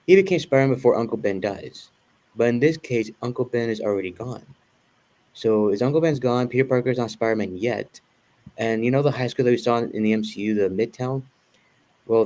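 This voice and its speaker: A man's voice: lowish voice, darkish tone. A man talking casually as a guest, rambling with lots of fillers and restarts. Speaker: guest reviewing a show. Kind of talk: casual conversation.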